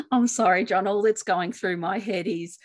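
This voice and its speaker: A woman from Australia with an Australian accent, co-hosting a podcast, chatting gently and reading her own reflective writing aloud. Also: mid-range voice, slow. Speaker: podcast co-host.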